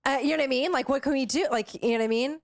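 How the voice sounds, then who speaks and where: A young woman co-hosting a podcast, telling a story casually, animated and full of fillers, acting out what people said. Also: high voice, very fast. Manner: animated, acts out quoted voices, filler-heavy. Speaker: podcast co-host.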